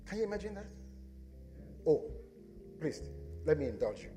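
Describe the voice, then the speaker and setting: A man with a notably high voice preaches to his congregation, firing questions at them and answering them himself. His voice rings through a reverberant church hall. Soft instrumental music plays faintly underneath. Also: very animated, normal speed. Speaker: pastor. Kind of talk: sermon. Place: church sanctuary.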